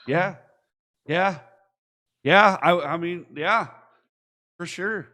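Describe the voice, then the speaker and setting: A man's voice: high voice, extremely slow. Young michigan guy chatting on a wrestling podcast, hyped, drops f-bombs, rambles. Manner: excitable, swears freely, rambling. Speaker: podcast co-host. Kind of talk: casual chat.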